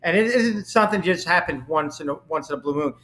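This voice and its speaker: A man's voice: fairly high pitch, animated, fast, pushed and bright. A man hosting a sports interview, eagerly running through a guest's career record. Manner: enthusiastic, reads off career stats. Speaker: show host. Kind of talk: interview podcast.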